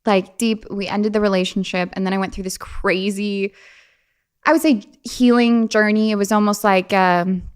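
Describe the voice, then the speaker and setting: With a smooth, medium-pitched voice, a steady tone and a moderate pace, this young podcast guest shares a personal story. Her manner is casual and chatty, full of "like" fillers, restarts and frequent laughter.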